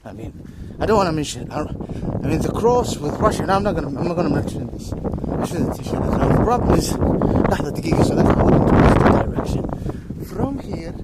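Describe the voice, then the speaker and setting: A man rambling in a monologue while he walks outdoors, repeating himself and laughing to himself, with loud wind hitting the mic. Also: on the high side, sing-song, brisk. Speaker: vlogger. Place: outdoors, walking in strong wind.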